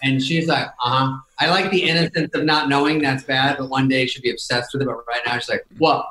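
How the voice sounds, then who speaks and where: A man's voice: mid-range voice, fairly even intonation, fast, bright, forceful tone, reverberant, rough recording. A middle-aged man telling casual anecdotes as a podcast guest, dry and self-mocking, briefly mimicking others. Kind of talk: casual storytelling chat.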